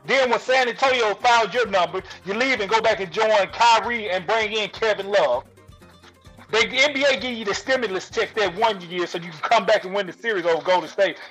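Male co-host, high husky voice, brash trash-talker, faint music bed. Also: fairly quick, poor audio. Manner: loud, emphatic, trash-talking. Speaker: podcast co-host. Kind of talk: heated sports debate.

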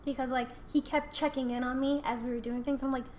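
A young woman with a high voice co-hosts a podcast, reacting quickly and animatedly. A faint hiss of noise sits under her voice. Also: little pitch movement, a little mellow. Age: young adult. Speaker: podcast co-host. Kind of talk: casual chat.

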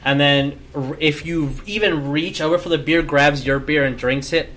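A man running a tabletop role-playing game, explaining rules and narrating in a laid-back, halting way. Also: on the high side, a bit bright, slight background noise. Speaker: game master.

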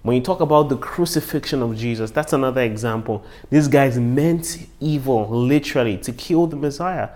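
A male pastor preaching a sermon, lively, with hushed moments and loud, emphatic stretches. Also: mid-range voice, normal speed, few pauses.

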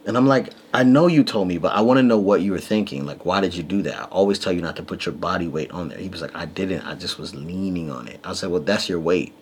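A man's voice: low-pitched, quick pace, hardly any pauses, slight background noise. A man in his thirties co-hosting a podcast, telling a family story in casual chat and acting out the quotes. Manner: animated storyteller, acts out quotes. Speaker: podcast co-host.

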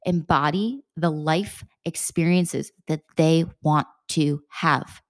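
A young woman with a low voice talks earnestly as a mindset coach for mothers. She keeps stacking questions and drops the occasional swear word. The recording is dry and close. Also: takes it slowly, no echo. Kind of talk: motivational talk.

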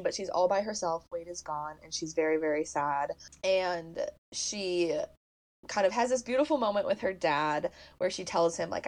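A young woman co-hosting a podcast, retelling a film's plot in casual chat, animated and full of "like" fillers, laughing often. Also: on the low side, normal speed. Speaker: podcast co-host. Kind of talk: casual movie recap chat.

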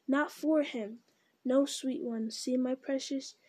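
Reading from a storybook, a woman voices a pitiful, greedy male creature split into two selves that bicker with each other in a whining, wheedling murmur full of hissing repetitions. The voice sits a little high yet dark and mellow, with a steady tone, slow pace and narrow rise and fall.

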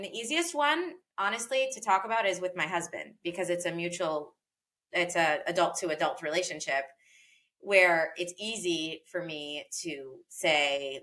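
A woman with a lowish, bright voice and forceful tone talks earnestly and reflectively about parenting in a casual podcast conversation. She uses many fillers and repeats phrases frequently.

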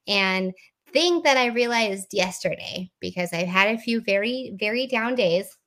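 A woman's voice: a little high, unhurried, bright, forceful tone. A woman from the American Midwest, co-hosting a casual podcast, talking candidly and swearing freely. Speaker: podcast co-host. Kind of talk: casual chat.

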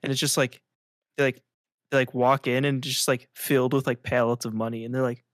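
This podcast co-host talks in a level, medium-pitched voice that's fairly bright and a little fast. The studio sound is clean with no echo, and his casual, rambling chat leans on "like" in almost every phrase.

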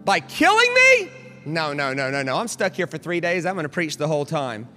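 A man voicing a defiant, triumphant Jesus speaking to Satan, his delivery building to near shouts. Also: huge pitch swings, brisk, long reverb tail, faint music behind, full character voice. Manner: booming, rising to near shouts.

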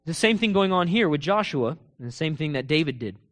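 A man preaching a sermon, asking rhetorical questions and swinging between loud proclaiming and low, quiet emphasis, with casual asides to his listeners. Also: lively intonation, brisk. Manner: laughs and talks casually to the congregation.

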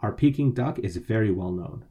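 In a muffled recording, a man with a lowish, dark voice and lively intonation co-hosts a language podcast at a moderate pace. He patiently explains Mandarin phrases, spelling out each syllable's pinyin letter by letter.

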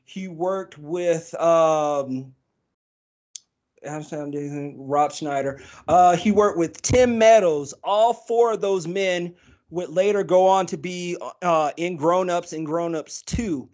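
A man with a high voice co-hosts a podcast in loose, casual chat. He rambles along with lots of fillers and restarts. His tone stays easygoing throughout. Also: slow pace, darkish tone. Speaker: podcast co-host.

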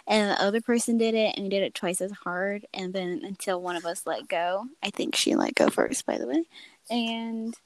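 A young woman guest on a podcast, chatting casually with a relaxed, laughing manner. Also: mid-range voice, moderate pace, rough recording. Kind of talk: casual chat.

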